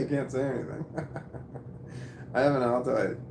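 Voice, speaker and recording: A man's voice: fairly high pitch, slow, pauses often. A man hosting a casual livestream, reading chat messages aloud and telling stories with lots of laughter and swearing. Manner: animated storytelling, laughs often, swears. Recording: roomy sound with faint background noise.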